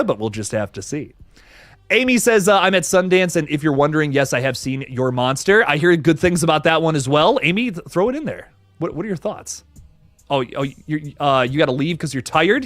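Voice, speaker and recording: Young male streamer, upbeat and slangy, pitched a bit high and very animated. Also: dry recording. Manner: upbeat, chatty, laid-back slang. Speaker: livestream host reading chat. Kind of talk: casual live chat.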